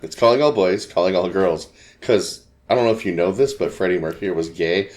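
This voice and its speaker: A man's voice: deep voice, fairly quick, a little mellow. A man co-hosting a casual podcast about an album, joking and laughing often. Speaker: podcast co-host. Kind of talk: casual chat about music.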